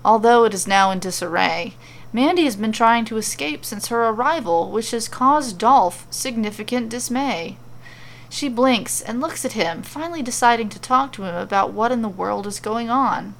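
Woman storyteller, gravelly voice, slightly high pitch, steady fantasy narration. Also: normal speed. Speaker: podcast storyteller. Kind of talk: reading a fantasy fan-fiction story aloud.

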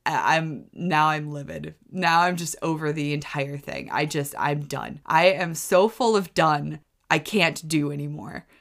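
Young woman host, casual storyteller, scattered and exasperated, voice a bit low. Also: unhurried, gravelly, few pauses. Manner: rambling, self-correcting, exasperated. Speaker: podcast host.

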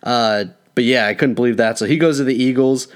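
A man's voice: mid-range voice, brisk, smooth. A young man co-hosting a podcast, chatting casually about football with opinionated takes and frequent laughs. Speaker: podcast co-host. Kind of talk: casual sports chat.

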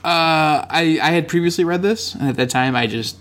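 A man's voice: a little high, moderate pace, fairly bright tone, a little hiss or hum. A man co-hosting a casual comics podcast, giving short, dry and pedantic replies. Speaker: podcast co-host. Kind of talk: casual chat about comics.

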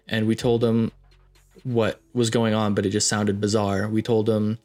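A man's voice: fairly low pitch, measured pace, soft background music. A young man hosting a podcast, telling a story casually with rambling asides and lots of fillers. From Canada, Ontario. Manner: rambling, filler-heavy, animated retelling. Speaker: podcast host.

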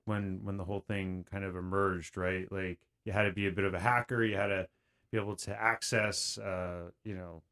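A man's voice: low-pitched, flat delivery, normal speed, a bit bright. A man, guest on a podcast, telling his story in a rambling way with many fillers and restarts. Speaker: guest creator. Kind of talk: casual podcast conversation.

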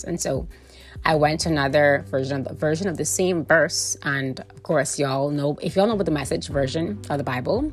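A woman hosting a faith podcast, chatting lively and directly to her listeners like family. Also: deep voice, moderate pace, soft background music. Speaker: podcast host.

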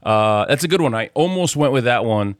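A man's voice: mid-range voice, animated, brisk, clean tone, no echo, clean studio sound. A young man hosting a casual movie podcast, swearing freely and laughing often. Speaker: podcast host.

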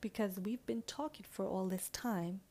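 A young woman telling a dating story in a casual vlog. She is frank and animated, leans on "like" constantly, swears freely and drops into hushed asides. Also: mid-range voice, moderate pace.

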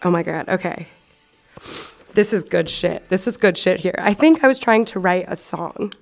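A woman's voice: fairly low pitch, lively intonation, moderate pace, creaky. A young woman casually reading entries from her old teenage journal, joking and swearing at herself. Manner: self-mocking, laughing, swearing. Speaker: vlogger.

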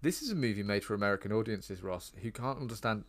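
A man's voice: fairly low pitch, fast. A British man co-hosting a casual film chat, rambling on with lots of ums and likes. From Britain. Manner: chatty, rambling with frequent ums. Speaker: podcast co-host.

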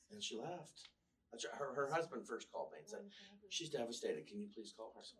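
A man's voice: medium pitch, expressive, a little fast, fairly bright tone, recorded from a distance. A male minister giving a casual, storytelling sermon with wry humor, often restarting his sentences. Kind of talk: conversational sermon. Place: church.

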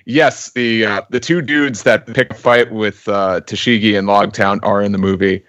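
A lower-voiced man on a podcast who pauses often and fills the gaps with "uh" as he talks. The sound is dry and close to the mic, with no room in it. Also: fairly even intonation, fairly bright tone, dry recording. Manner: hesitant, many uh fillers. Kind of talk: casual podcast chat.

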